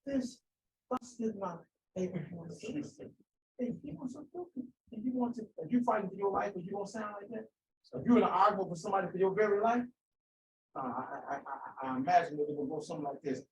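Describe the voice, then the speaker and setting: A man's voice: high voice, a little fast, far from the mic, slight background noise. A man preaching an impassioned sermon, asking rhetorical questions and repeating phrases for emphasis. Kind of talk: fiery sermon. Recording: echoey room, voice off-mic.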